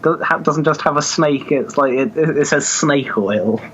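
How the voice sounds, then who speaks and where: A man's voice: a little high, normal speed, highs cut off, noisy background. A man co-hosting a podcast, chatting casually about comics with frequent laughter and hesitant fillers. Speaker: podcast co-host. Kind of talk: casual comic book discussion.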